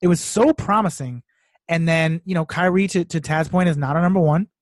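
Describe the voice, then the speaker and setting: A man's voice: a little high, brisk, dry recording, studio quality. A man co-hosting a sports podcast in casual chat, rambling with lots of fillers and restarts. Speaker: podcast co-host.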